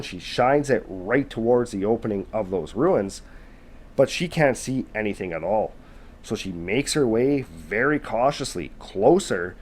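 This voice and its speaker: A man's voice: mid-range voice, a little mellow, breathy edge. Male storyteller, mid-range voice, conversational scary-story narration, loose and unpolished. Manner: loose, conversational, with many fillers like "kind of" and "basically". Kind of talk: casual retelling of a scary story.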